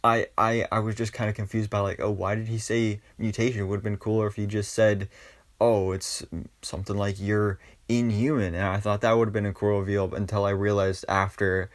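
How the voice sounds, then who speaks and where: A young man giving a chatty, excited episode review as a channel host, full of casual fillers. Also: lowish voice, moderate pace. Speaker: YouTube reviewer. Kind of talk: casual commentary.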